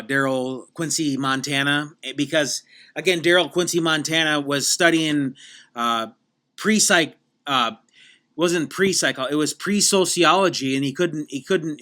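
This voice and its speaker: A man hosting a podcast, telling a mock life story in a rambling, halting way with many restarts. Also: on the high side, bright, forceful tone. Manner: halting, full of fillers and restarts. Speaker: podcast host.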